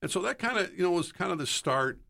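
A man's voice: high-pitched, lively intonation, fast, creaky, bright, forceful tone. An older man, a sports broadcaster, telling rambling stories in casual chat and taking on voices for quotes. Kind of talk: casual storytelling.

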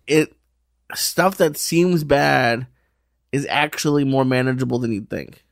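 A man's voice: medium pitch, a little slow, gravelly, dry recording. A young man with a mid-range voice co-hosts a podcast in casual chat. He speaks hesitantly, often restarting his sentences. The sound is dry and close. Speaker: podcast co-host.

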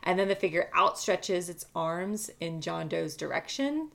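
A woman's voice: on the low side, a little slow, vocal fry. A woman telling a story in casual chat, with lots of fillers, reading a transcript aloud in parts. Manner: relaxed, many fillers, reads a transcript aloud.

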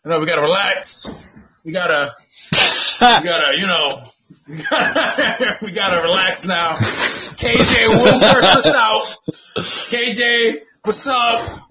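A man co-hosting a podcast outdoors on a patio, talking loudly with profane, laughing banter. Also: sits high, animated, slow, lo-fi sound, a crowd in the background. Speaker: podcast co-host. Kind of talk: casual chat.

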